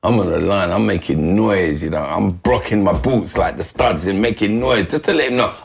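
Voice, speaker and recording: Gravelly husky man telling a story. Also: low voice, normal speed. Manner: dramatic retelling, acting out voices and thoughts. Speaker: podcast guest, former footballer. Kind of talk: animated storytelling in casual conversation.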